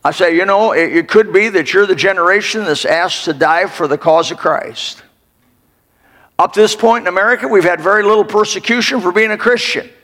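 An older man, a pastor, preaching a fervent sermon and rising to sudden shouts. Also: high voice, a little fast. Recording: long hall reverb.

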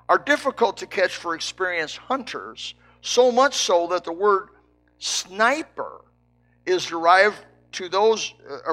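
An older man, a preacher from Indiana, telling a folksy story with lively quoted dialogue. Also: high voice. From Indiana, United States. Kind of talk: storytelling sermon.

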